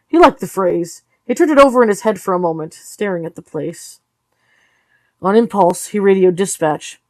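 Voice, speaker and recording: A tired woman reads a novel aloud in a steady, low-key storytelling voice, with a middling pitch. The sound is dry and close, with no room around it. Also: normal speed, no echo. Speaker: audiobook reader. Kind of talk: read-along narration of a novel.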